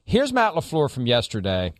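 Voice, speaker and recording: A male sports-talk host with a mid-range voice, leading the show in a measured, even-handed way. The sound is close and dry, with no echo. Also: mid-range voice.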